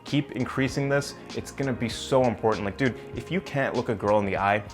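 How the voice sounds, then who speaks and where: Faint music plays as a young man with a medium-pitched, brisk voice talks straight to the camera in a coaching way. He's a self-improvement vlogger whose casual advice is blunt and emphatic, with occasional swearing.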